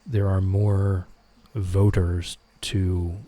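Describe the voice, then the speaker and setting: A middle-aged man hosting a relaxed live stream, reading viewer comments aloud and answering them. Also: low voice, extremely slow.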